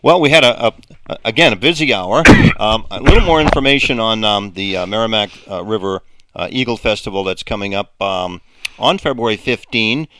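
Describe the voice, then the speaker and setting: A man's voice: fairly low pitch, animated, fairly quick, heavy background noise. A man hosting a local radio show, talking casually with many fillers and restarts. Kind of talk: casual radio talk and announcements.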